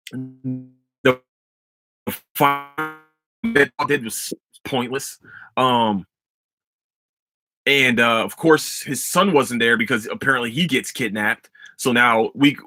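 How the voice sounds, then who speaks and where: A young man hosting a casual solo podcast, ranting about a TV finale in a profane, excitable, rambling way full of restarts. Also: mid-range voice, no room sound. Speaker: podcast host.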